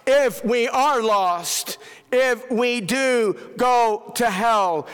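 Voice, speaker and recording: A man preaching a sermon, emphatic, with dramatic pauses and falls in pitch. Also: fairly bright tone, smooth, in a large hall.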